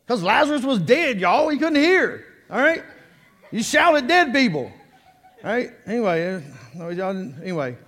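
High-voiced preacher in an echoing hall. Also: male voice, normal speed, long pauses. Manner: animated and joking, drawing in the congregation. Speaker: pastor. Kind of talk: sermon. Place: church sanctuary. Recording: long reverb of a church hall.

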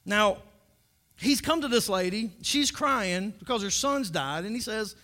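A man's voice: high voice, expressive, unhurried, pushed and bright. A man preaching a humorous sermon as pastor, joking and often repeating words as he starts sentences.

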